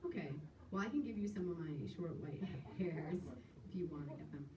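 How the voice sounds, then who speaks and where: A woman's voice: lowish voice, fairly quick, mellow. A woman in her thirties with a Long Island accent, hosting a stand-up crowd-work set, rambling, giggly and self-deprecating. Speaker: comedy host. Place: small comedy club stage. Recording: echoey club heard from a distance. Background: audience laughter and room noise.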